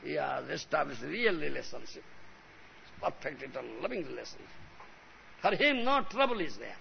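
A man lectures as a spiritual teacher, emphatic and punctuating his points with a questioning "huh?". His voice is high and strongly gravelly. The recording is dull and lo-fi, with faint hiss. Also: very animated, moderate pace. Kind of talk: devotional lecture.

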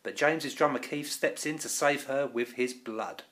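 A woman's voice: a bass voice, moderate pace, fairly bright tone. A woman co-hosting a casual chat, recapping a TV episode, playful and giggly, with short reactions. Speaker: podcast co-host.

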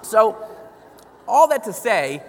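A man giving a lively storytelling testimony as a guest speaker in a church, chuckling as he talks. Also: high-pitched, slow, slight background noise. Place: church sanctuary. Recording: long reverb of a large hall.

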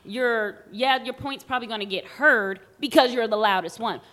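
A woman's voice: a little high, moderate pace. A woman in casual conversation, telling stories animatedly and acting out the voices of people she quotes. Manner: animated storyteller who acts out quoted voices. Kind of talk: casual chat.

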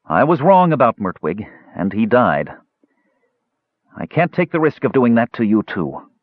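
A man's voice: mid-range voice, big pitch swings, a little slow, no echo, narrow, tinny audio, voice pushed up. A man voicing an earnest, defiant male mage who speaks in an impassioned, pleading way.

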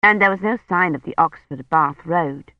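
An audiobook narrator reading a novel in a measured, even scripted narration. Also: mid-range voice, no echo, phone-quality sound.

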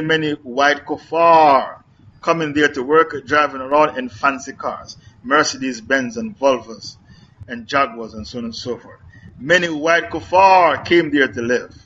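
Emphatic preacher man, bright tense voice. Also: fairly high pitch, dull audio. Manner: emphatic, repetitive, rhetorical questions. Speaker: preacher answering questions. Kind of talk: religious question-and-answer lecture.

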